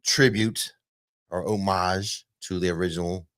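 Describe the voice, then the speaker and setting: A man's voice: low-pitched, fairly even intonation, a little slow, fairly bright tone, no echo, studio quality. A man hosting a casual theme park news podcast, chatty and loose, with plenty of fillers. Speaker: podcast host.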